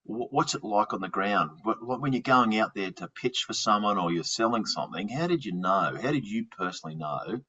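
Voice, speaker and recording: An Australian man talks in an easy, chatty way as a podcast host, stumbling over and restarting words. His voice sits low and breathy-rough. The sound is muffled and lo-fi. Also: lively intonation, brisk, few pauses, pushed and bright. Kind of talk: casual interview chat. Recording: dull lo-fi sound.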